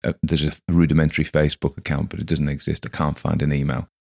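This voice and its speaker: A man hosts a story podcast in a very deep voice. He talks in a chatty, digressive, self-deprecating way, wandering from point to point. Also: flat delivery, fast talker, gravelly, darkish tone, husky. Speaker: podcast host and reader. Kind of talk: casual chat.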